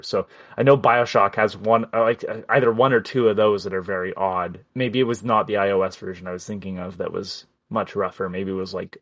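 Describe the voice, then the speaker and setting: Chatty lower-voiced man podcaster. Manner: chatty, animated, self-interrupting. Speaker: podcast co-host. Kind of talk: casual gaming chat.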